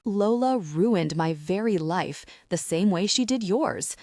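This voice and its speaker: A woman voicing a smug, scheming woman who speaks slowly and mockingly in an audiobook. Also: mid-range voice, expressive, darkish tone, dry recording, studio quality. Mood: cold. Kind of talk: audiobook narration.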